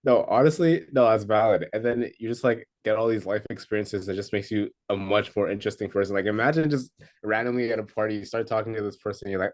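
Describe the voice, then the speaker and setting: A young man hosting a casual chat who reacts to the stories with quick asides and frequent laughs. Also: lowish voice, dry recording. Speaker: podcast host.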